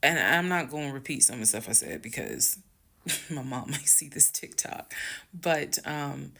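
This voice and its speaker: Woman, gravelly voice, casual storytime, emphatic, bursts of speed. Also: a bass voice, sing-song. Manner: emphatic, swings loud and fast when heated; addresses viewers as "y'all". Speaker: storyteller recounting her marriage.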